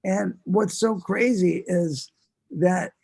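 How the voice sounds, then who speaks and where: A man in casual conversation, telling stories in an earnest, relaxed and reflective way. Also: high-pitched, takes it slowly, creaky, slightly rough. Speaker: guest musician. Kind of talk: casual chat.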